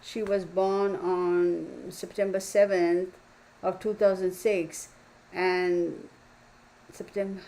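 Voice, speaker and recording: A woman's voice: on the low side, flat delivery, takes it slowly, gravelly, mellow, poor audio. A woman hosting a tarot channel, chatting casually and opinionatedly with her viewers, often calling them y'all. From Texas. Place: home room with open window. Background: neighbor's dog barking.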